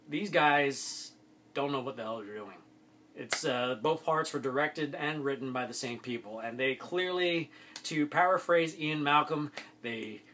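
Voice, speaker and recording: A man's voice: mid-range voice, fairly bright tone, a little hiss or hum. A man giving a casual spoken film review, exasperated and ranting, with many fillers and restarts.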